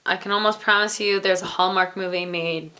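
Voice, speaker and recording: A woman's voice: fairly low pitch, fairly even intonation, a little fast, bright, forceful tone. A young woman giving a casual, rambling book review, with jokey asides and little quoted voices.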